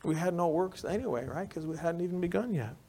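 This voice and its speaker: This pastor, a man with a New York accent, preaches fast in a slightly rough, somewhat high voice with lively intonation. His sermon is conversational, full of "right?" check-ins, shifting between loud emphasis and quiet softness.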